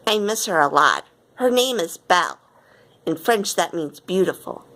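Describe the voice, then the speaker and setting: A woman's voice: on the low side, expressive, normal speed, a bit bright. A woman voicing a friendly young schoolboy in a children's storybook, speaking in a plain, matter-of-fact way.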